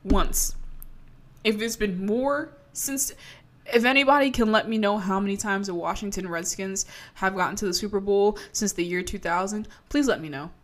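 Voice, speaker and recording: A woman in her twenties from Maryland, chatting casually to camera in a rambling, profane way and laughing often. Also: mid-range voice. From Maryland, USA. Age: 20s. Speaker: vlogger.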